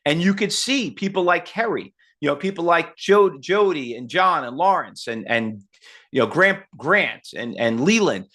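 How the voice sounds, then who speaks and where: Fifty-something guy teaching trading live, blunt, keeps firing rhetorical questions, kinda high voice. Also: animated, normal speed, a bit bright. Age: 50s. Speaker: trading instructor. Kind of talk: live online seminar talk.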